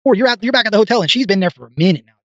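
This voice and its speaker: A high-voiced man fires off questions at a very fast pace, probing and recapping the timeline. His voice is dry and close, with a dull, muffled sound. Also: expressive, no room sound. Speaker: interviewer. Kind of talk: interview questions.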